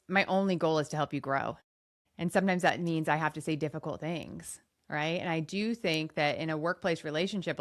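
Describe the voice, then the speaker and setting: Middle-aged woman coach hosting a panel podcast; earnest, heartfelt, slightly low voice.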